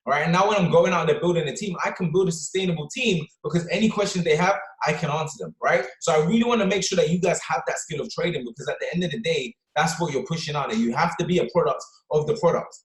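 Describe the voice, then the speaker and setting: A fast-talking man with a slightly high voice delivers a motivational talk to his team. He drives his points home with constant "right?" and "okay?" tags. The sound is echoey, like a bare room. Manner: energetic, punctuates with "right?" and "okay?". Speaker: motivational speaker on a team call. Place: office or London.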